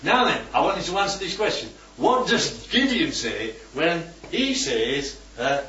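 Man leading a group Bible study, fairly high voice, lively, keeps asking "right?"; distant roomy mic. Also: measured pace, few pauses, a little hiss or hum. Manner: keeps checking in with "right?" and "yeah?"; asks the group questions. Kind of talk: teaching a group discussion. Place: room with a small group. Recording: roomy, distant, dull-sounding recording.

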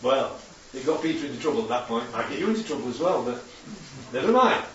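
A man's voice: mid-range voice, big pitch swings, quick pace. A man preaching a chatty sermon with slides to his congregation, constantly checking in with tag questions. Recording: echoey hall, distant dull mic.

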